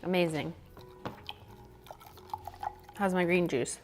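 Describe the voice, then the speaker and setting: A woman's voice: lowish voice, fairly even intonation, slow pace, faint music behind. A woman hosting a casual cooking livestream, chatty and giggly, swearing offhandedly as she chops vegetables. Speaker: livestream host.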